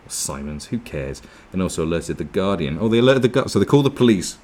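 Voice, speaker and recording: A man's voice: sits low, big pitch swings, quick pace, a little mellow. A man giving a casual, sweary, sarcastic commentary, reacting to an article with mocking asides. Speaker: political commentary vlogger.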